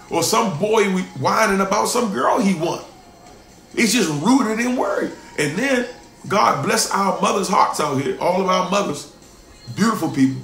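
Emphatic high-voiced male pastor preaching. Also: roomy sound. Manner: emphatic, repeats lines for stress, swings from loud to hushed. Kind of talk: sermon.

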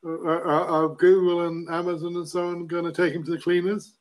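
A man chairs an online discussion and puts questions to a guest. His voice sits high, with little rise and fall. He stumbles and repeats words as he frames each question. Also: completely flat delivery, fairly quick, low-quality recording. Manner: questioning, hesitant.

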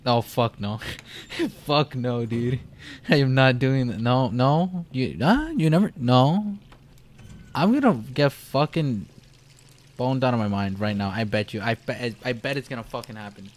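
A man's voice: medium pitch, measured pace. A young man giving casual let's-play commentary, jumpy and profane, rambling through his reactions. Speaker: gamer.

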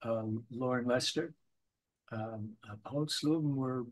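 A man's voice: medium pitch, measured pace. An older man, a voice actor guest, chatting in an interview and acting out little voices as he tells stories. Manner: animated storyteller, acts out little voices in anecdotes. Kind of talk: casual interview.

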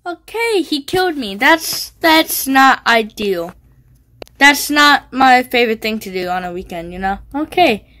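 A woman's voice: high voice, animated, normal speed, fairly bright tone, a little hiss or hum. A woman giving goofy, teasing gameplay commentary, yelping and squealing when she gets hit. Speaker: gaming video creator.

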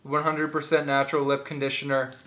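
A woman's voice: extremely low pitch, little pitch movement, fairly quick, a bit bright, a little hiss or hum. A woman in a casual home vlog, chatting and joking as she opens and reads fan mail aloud. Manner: playful, jokey, reads labels aloud. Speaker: vlogger opening fan mail. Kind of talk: casual chat.

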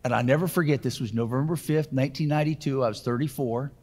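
A man in his sixties recounts his own story as a keynote speaker. His husky voice sits at an ordinary pitch, and he is earnest and conversational, with fillers here and there. The speech carries a long reverb from a large hall. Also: fast talker, darkish tone. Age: 60s. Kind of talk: personal testimony storytelling.

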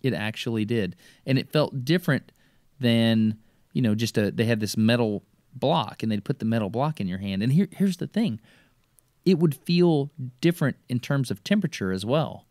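A man, an excitable podcast host eagerly explaining things in casual chat. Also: mid-range voice, normal speed, no echo, studio quality.

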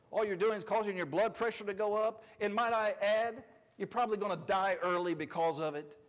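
A man preaching a sermon as pastor, conversational, swinging between loud emphatic lines and quiet asides. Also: high voice, big-room sound. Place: church sanctuary.

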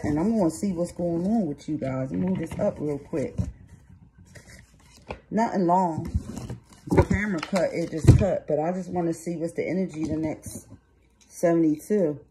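A woman doing a tarot reading with blunt, streetwise talk and frequent swearing, her pace uneven between slow phrases and quick bursts. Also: on the low side, noisy background. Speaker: tarot reader. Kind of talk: tarot reading and card commentary.

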